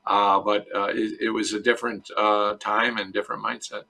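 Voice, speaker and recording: A middle-aged man from Chicago, a dentist answering interview questions in a relaxed, storytelling way. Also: lowish voice, normal speed, gravelly. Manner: relaxed storyteller, acts out quoted voices. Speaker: dentist guest.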